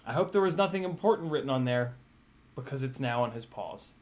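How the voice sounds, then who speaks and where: A man's voice: medium pitch, animated, a little fast. A man chatting casually on a live Q&A stream, laughing often, swearing and scolding his cat. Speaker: drone streamer. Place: home room with glass doors.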